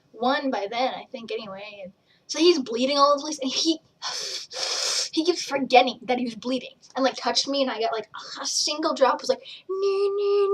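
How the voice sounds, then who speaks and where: A young woman chatting casually to camera, rambling from one tangent to the next and acting out what people said. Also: a little high. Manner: rambling, jumps between tangents, acts out quotes. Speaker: vlogger and page admin. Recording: voice a bit distant from the mic.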